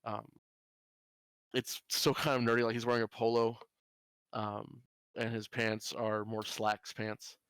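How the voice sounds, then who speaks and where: A man narrating a tabletop game as game master, in a halting style full of fillers. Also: on the low side, completely flat delivery, fairly bright tone, clean tone, no echo.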